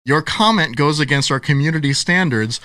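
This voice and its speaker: A man's voice: a little high, moderate pace, no echo. A man in his forties, a podcast guest, telling a story in a casual interview, acting out the voices of the people in it and laughing often. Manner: animated storyteller who acts out quotes and laughs often. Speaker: podcast guest, author and speaker.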